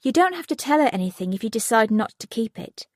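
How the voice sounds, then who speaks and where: A pushy teenage girl who likes to be in control, talking insistently and pitched high, as a woman reading an audiobook puts her on. The voice rises sharply when she presses her point, recorded dry and close. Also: sing-song, fast talker, no room sound. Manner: insistent, persuasive.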